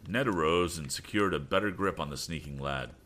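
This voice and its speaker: A man reading a storybook aloud, animated and sometimes stumbling over words. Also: sits low, fairly quick. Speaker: audiobook reader. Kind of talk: storybook narration.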